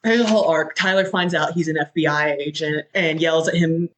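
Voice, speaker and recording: Rich: A podcast host recounts a film scene in relaxed, chatty talk. The delivery is animated and full of fillers, with casual swearing and a mid-range pitch. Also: fast, hardly any pauses.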